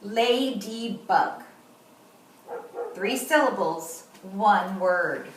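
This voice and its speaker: High-voiced, slow-spoken kindergarten teacher. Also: female voice, animated, a bit bright. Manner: sounds out words slowly and repeats them. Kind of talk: slow, clear lesson to young children. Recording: roomy echo, voice from a distance, faint noise.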